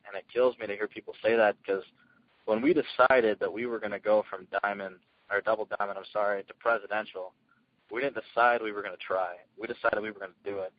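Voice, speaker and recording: A man telling his success story as a guest speaker, energetic and earnest, in casual storytelling. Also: lowish voice, fast, dry recording, highs cut off. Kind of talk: motivational call talk.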